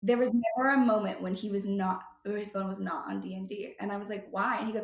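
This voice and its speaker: A woman's voice: medium pitch, steady tone, fast. Emphatic young woman in an echoey room. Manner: blunt, profane, emphatic. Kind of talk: casual chat.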